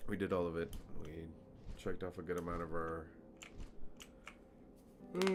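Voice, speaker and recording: Low-voiced guy chatting while he plays, slow and laid back, goofs on himself a lot. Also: steady tone, slight background noise. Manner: rambling, chatty, self-mocking. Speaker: streamer. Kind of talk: casual gameplay commentary.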